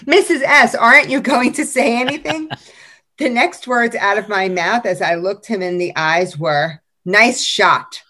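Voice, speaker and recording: A woman's voice: a little high, unhurried. A woman hosting a casual teacher podcast, reading out classroom stories with frequent laughter. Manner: lively storyteller who laughs often.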